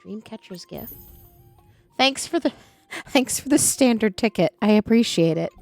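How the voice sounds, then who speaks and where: Woman streamer rambling to her pet while gaming, bouncy pitch, a little gravelly, quiet music behind. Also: animated, unhurried, long pauses, no room sound. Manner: chatty, talks to her pet and to herself. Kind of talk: casual live-stream chat.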